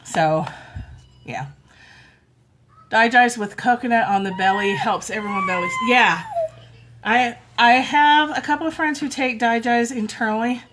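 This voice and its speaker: A middle-aged woman chatting casually on a phone livestream at home, talking softly and cooing now and then to toddlers. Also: fairly high pitch, measured pace, long pauses, slight background noise. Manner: chatty, soft, coos to toddlers. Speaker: livestream host.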